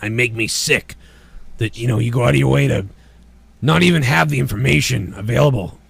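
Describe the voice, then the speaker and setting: A man's voice: medium pitch, a little fast, vocal fry, a bit bright, slightly rough, dry recording. A man hosting a comedy show, doing a swearing, angry parody of a talk-radio rant.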